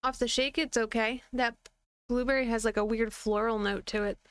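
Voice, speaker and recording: A woman's voice: fairly high pitch, steady tone, normal speed, clean tone, no room sound. A woman co-hosting a casual livestream, blunt and offhand, swearing casually. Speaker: livestream co-host.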